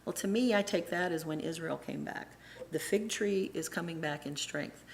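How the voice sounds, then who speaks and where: A middle-aged woman giving a casual, animated church talk, acting out the voices of people she quotes and often restarting her sentences. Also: deep voice, slight background noise. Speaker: church presenter and Sunday school teacher.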